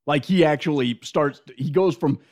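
A man's voice: on the high side, normal speed, darkish tone. A man co-hosting a casual podcast chat, retelling movie scenes with quoted lines and laughter. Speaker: podcast co-host.

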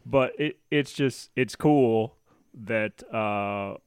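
A man co-hosting a podcast in casual chat, easygoing and a bit halting as he talks. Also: medium pitch, clean tone, no echo, clean studio sound. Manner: easygoing, halting, with fillers and restarts. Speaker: podcast co-host.

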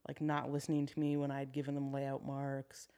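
Frank woman telling a work story. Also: a bass voice. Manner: frank and steady, with quick asides. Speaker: guest, construction business owner. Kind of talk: candid conversational storytelling. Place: podcast studio.

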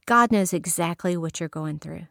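A woman's voice: lowish voice, moderate pace, creaky, fairly bright tone, dry recording. Lady preacher, folksy funny stories, dry close sound. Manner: folksy, storytelling, laughs often. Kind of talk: inspirational sermon.

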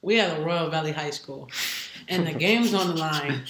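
Guest spot: woman head coach, lively storyteller, acts out the voices of others, roomy echo around her. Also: sits low, moderate pace, a little hiss or hum. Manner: animated, acts out what others said. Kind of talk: casual interview storytelling.

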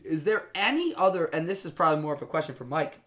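Male podcast host, higher-pitched and bright-toned, animated and joking. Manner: animated, jokey, quick to laugh. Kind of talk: casual chat.

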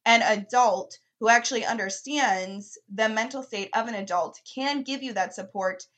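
Candid young mother with high voice. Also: normal speed, a bit bright. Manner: candid, laughs easily. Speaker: podcast co-host. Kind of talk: casual podcast conversation.

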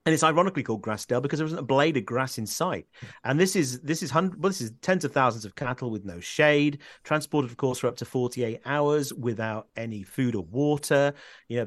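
A man's voice: medium pitch, no room sound, studio quality. A man hosting a casual political discussion, chatty and opinionated, often restarting his sentences. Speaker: podcast host.

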